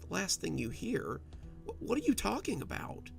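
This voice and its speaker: A man voicing an anxious young husband on the phone in a read-aloud story, asking halting questions. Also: medium pitch, expressive, vocal fry, over music. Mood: worried. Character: worried young husband stuck in traffic.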